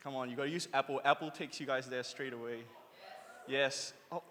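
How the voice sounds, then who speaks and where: A man in his thirties preaching a youth sermon, lively and urging the crowd to call back. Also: medium pitch, brisk, a little hiss or hum. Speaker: youth pastor. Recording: long hall reverb.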